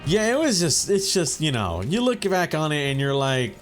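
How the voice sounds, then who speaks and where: Animated young man telling a profane story. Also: fairly high pitch, moderate pace, faint music behind. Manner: rambling, profane, says bro and you know a lot. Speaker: gaming channel host. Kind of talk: casual storytelling over gameplay.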